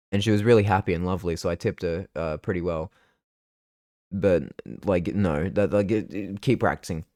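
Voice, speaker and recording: A man's voice: low-pitched, fairly even intonation, moderate pace, darkish tone, dry recording, clean studio sound. A young man, chatting casually and rambling through a vlog recap of his trip. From Australia. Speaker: vlogger.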